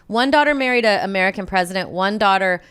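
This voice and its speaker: A woman's voice: medium pitch, a bit bright, clean tone. A woman co-hosting a comedy podcast, rambling through anecdotes in casual chat and laughing often. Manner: rambling storyteller, drawn-out phrases, laughs a lot. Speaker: podcast co-host.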